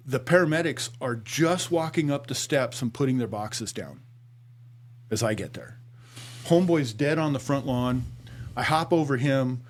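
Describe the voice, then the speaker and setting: Middle-aged man telling a vivid story. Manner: vivid, reenacts dialogue, drops low and quiet at grave moments. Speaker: guest, former police officer. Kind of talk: conversational storytelling.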